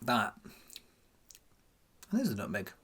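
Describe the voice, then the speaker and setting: Here a whisky vlogger chats loosely to camera, musing as he samples from his own channel. He speaks slowly in a medium-pitched voice with huge swings in pitch, a sharp tone, and a breathy edge.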